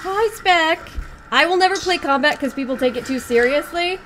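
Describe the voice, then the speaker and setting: A woman streaming a fighting game, exclaiming and chatting warmly with her viewers and her cat. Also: extremely high pitch, expressive, normal speed, slight background noise. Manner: squealing and exclaiming while playing, chatting to viewers. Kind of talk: excited live-stream commentary.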